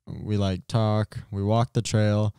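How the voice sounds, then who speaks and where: Young male podcast co-host, relaxed rambling storyteller, mellow low voice. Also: slow, vocal fry, clear, resonant tone, dry recording, studio quality. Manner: laid-back storytelling with frequent fillers. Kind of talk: casual chat.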